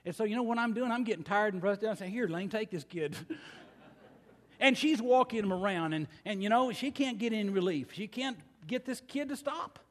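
Older man, preacher, high-pitched, folksy, slow emphatic pauses, long reverb. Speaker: pastor. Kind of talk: sermon.

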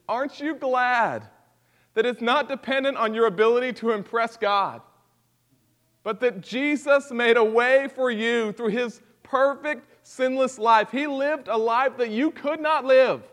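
A man preaching a sermon at a church service, swinging from hushed intensity to loud, impassioned delivery. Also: extremely high pitch, in a large hall. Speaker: pastor.

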